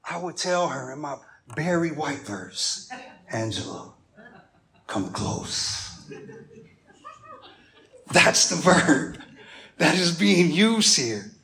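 A male pastor delivering a sermon in an animated storytelling manner, with humorous asides. His voice is high for a man and has a gravelly texture. He speaks slowly and deliberately.

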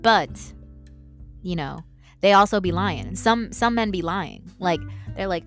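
A woman's voice: mid-range voice, moderate pace, faint music behind. Candid, foul-mouthed young woman ranting. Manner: candid and heavily profane, ranting; animated, shifts into mocking outbursts. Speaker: podcast host. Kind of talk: solo podcast rant.

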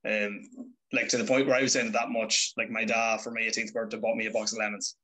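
A man's voice: on the low side, flat delivery, fast talker, sharp tone, low-quality recording. A young man, telling stories about his life in a chatty, self-mocking way. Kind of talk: casual storytelling.

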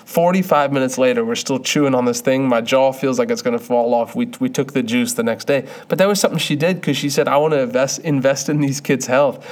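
An earnest young man preaches in a loose, conversational way and often restarts a phrase before pressing on. His voice sits at a middling pitch. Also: fast talker, few pauses. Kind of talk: sermon.

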